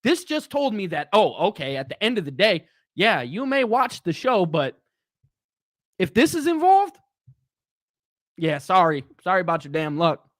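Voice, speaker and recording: A man rants hotly on his own livestream, swearing freely as he vents. His pitch swings widely from low grumbles to sharp highs. The sound is close and dry, with no room in it. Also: sing-song, normal speed, no room sound. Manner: heated, profane ranting. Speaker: channel host. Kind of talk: livestream wrestling talk.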